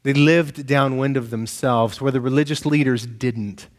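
A male pastor preaching a sermon, telling stories animatedly and acting out shouted exchanges. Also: medium pitch, a little slow, big-room sound.

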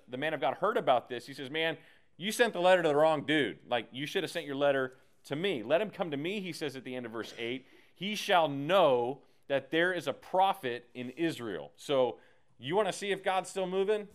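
A man leading a casual Bible study, animated and slangy, acting out the characters as he teaches. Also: a little high. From United States.

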